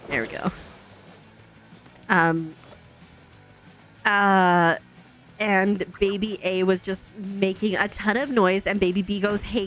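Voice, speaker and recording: A woman's voice: fairly low pitch, fairly bright tone. A woman streamer telling a long family story in casual, chatty talk full of fillers.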